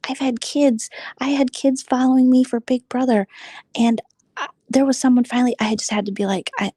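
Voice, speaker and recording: A woman's voice: sits high, steady tone, brisk, mellow, no echo. A woman vlogger in a casual late-night chat, rambling and gossipy, who keeps dropping into a whisper. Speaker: vlogger host.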